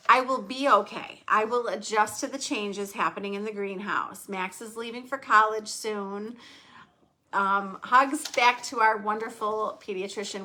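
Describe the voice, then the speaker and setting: A woman's voice: medium pitch, bright, forceful tone. A middle-aged woman hosting a podcast, chatting candidly and emotionally, rambling a little. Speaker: podcast host. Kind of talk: casual podcast chat.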